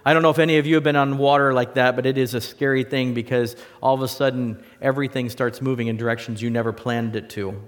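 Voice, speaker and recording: A man delivers an earnest sermon in a mid-range voice, lifting his tone for emphasis and dropping quiet at the ends of thoughts. His voice rings with the long reverb of a large hall. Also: medium pitch, fairly even intonation, quick pace, hardly any pauses. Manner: earnest, rises in emphasis and drops soft. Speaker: preacher. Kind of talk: sermon with closing prayer.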